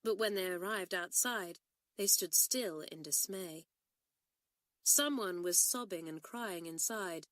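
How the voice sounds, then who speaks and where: A woman narrating an audiobook with expressive storytelling. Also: fairly low pitch, slow pace, no echo.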